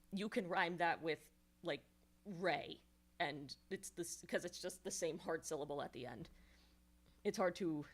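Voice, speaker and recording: Rambling New woman streamer. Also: on the low side. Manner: rambling, many fillers and restarts, explanatory. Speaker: streamer giving songwriting feedback. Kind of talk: casual livestream critique.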